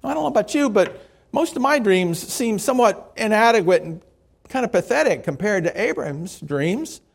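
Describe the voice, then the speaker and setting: A preacher with a notably high voice delivers a sermon in a measured storytelling manner. He reads out quotations and anecdotes, then slows down to press his points home. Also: lively intonation, gravelly, breathy edge. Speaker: pastor.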